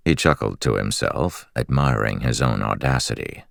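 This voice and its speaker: A man reading a fantasy audiobook in a measured, steady storytelling manner on a close studio mic. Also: a bass voice, gravelly, dry recording. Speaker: audiobook narrator. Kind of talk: scripted fantasy narration.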